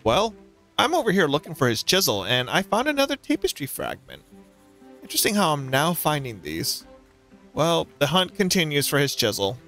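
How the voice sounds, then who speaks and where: A man's voice: a little high, normal speed, faint music behind. Jokey young-sounding gaming man. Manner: jokey, excitable, talks to himself. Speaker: gaming channel host. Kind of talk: let's play commentary.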